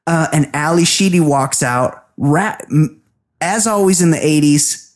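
A man co-hosting a comedy podcast, recapping a movie scene by scene in a loose, rambling way. He breaks into quick put-on voices for the characters as he goes. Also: fairly high pitch. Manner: rambling retelling, acting out characters' lines. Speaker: podcast co-host.

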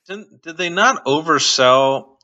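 A man's voice: a little high, animated, slow, bright, forceful tone. A man co-hosting a podcast in casual chat, thoughtful and questioning. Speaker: podcast co-host. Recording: dull lo-fi mic.

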